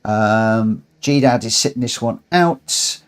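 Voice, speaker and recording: A man's voice: lowish voice, slow. Chatty man streaming races. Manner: chatty, friendly, reads results aloud. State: out of breath. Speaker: streamer hosting online races. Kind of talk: casual live-stream commentary. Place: home room.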